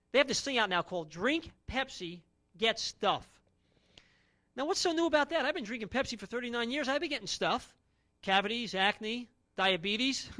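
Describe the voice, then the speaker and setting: A man's voice: sits high, pushed and bright. A man around forty performing a stand-up comedy routine with brash, punchy one-liners and no audience.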